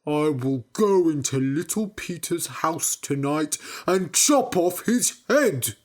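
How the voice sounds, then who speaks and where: A woman voicing a dim-witted older brother who talks in a slow, plodding way. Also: sits low, expressive. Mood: dull.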